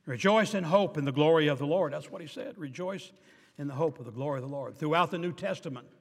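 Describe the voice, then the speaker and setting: An older man delivers a sermon in a notably high voice. He swings from emphatic, drawn-out declarations to hushed, wry asides, and his words ring out with a long reverb, as if in a church sanctuary. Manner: emphatic preaching that drops to quiet asides, with dry humor. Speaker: pastor. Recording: reverberant hall.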